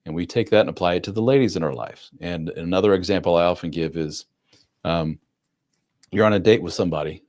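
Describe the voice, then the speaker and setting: A man's voice: low-pitched, a little mellow. A middle-aged man hosting a live chat, talking casually and bluntly, acting out the people he quotes. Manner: blunt, acts out quoted voices, fillers like "blah, blah". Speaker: livestream host answering chat.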